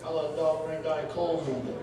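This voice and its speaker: A man's voice: a little high, flat delivery, fast, lightly acted. A man voicing his wisecracking, rude ventriloquist dummy who heckles with crude quips, on a far mic in an echoing room. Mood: sarcastic. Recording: roomy echo, far mic, noise.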